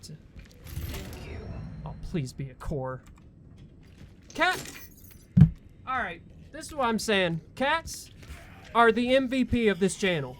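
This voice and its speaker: A man's voice: high voice, very animated, takes it slowly, pauses often, noisy background. A man commenting as he plays a horror game, jumpy, swearing and yelping at the scares. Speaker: let's play gamer. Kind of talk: live gameplay commentary. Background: loud game soundtrack.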